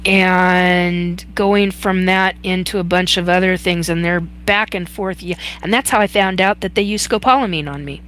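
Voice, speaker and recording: A woman hosting a live chat, telling a personal story in a halting way with many fillers and restarts. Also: on the low side, steady tone, fairly bright tone, a little hiss or hum. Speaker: host.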